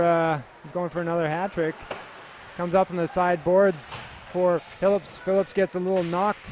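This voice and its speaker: A man doing relaxed, filler-heavy play-by-play commentary for a youth hockey game. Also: high voice, normal speed, slight background noise.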